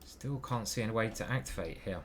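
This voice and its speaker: A man's voice: fairly low pitch, brisk, a little hiss or hum. A man thinking aloud as he plays online chess, muttering moves and questioning himself. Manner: muttering move by move, hesitant self-questioning. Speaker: chess grandmaster commentating his own games.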